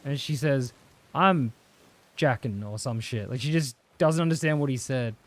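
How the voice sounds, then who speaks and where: Man, young adult, Australian accent, medium pitch, casual gaming-stream chat, rambling, profane. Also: moderate pace. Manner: rambling, swears freely, answers chat. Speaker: livestreamer.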